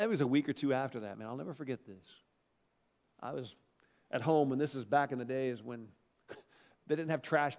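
A middle-aged male pastor telling a personal story in a sermon, animated and emphatic, repeating phrases for effect. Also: mid-range voice, creaky, big-room sound.

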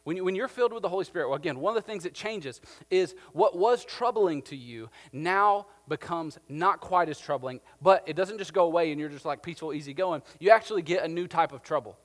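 A man's voice: on the high side, brisk, hardly any pauses, long reverb tail. A man preaching a sermon as pastor, talking casually and telling stories with a lot of "like". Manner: conversational, animated storytelling with filler "like".

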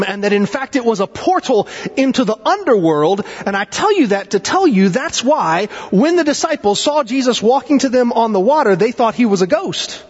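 A male pastor preaching a sermon, with dramatic swings in pitch and pace and chatty asides. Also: breathy edge. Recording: dull sound with long hall reverb.

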